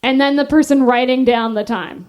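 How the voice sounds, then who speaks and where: A woman stand-up comedian telling a story on stage, animated and self-deprecating, laughing often. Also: high-pitched, normal speed. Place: live stage.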